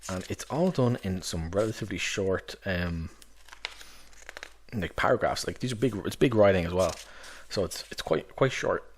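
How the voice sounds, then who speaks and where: Deep-voiced man rambling about game books. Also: normal speed, slight background noise. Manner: chatty, loose, with frequent fillers and chuckles. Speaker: tabletop game master reviewing books. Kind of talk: casual rambling book review.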